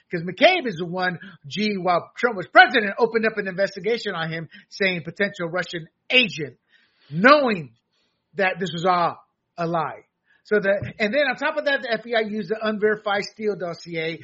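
A man hosting a talk show, giving animated political commentary to his listeners. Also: high voice, breathy edge, muffled recording.

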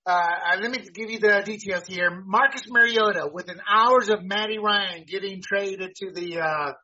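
A man's voice: high-pitched, normal speed, bright, forceful tone. A man hosting a casual sports talk show, blunt and joking. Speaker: podcast host. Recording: dull lo-fi audio.

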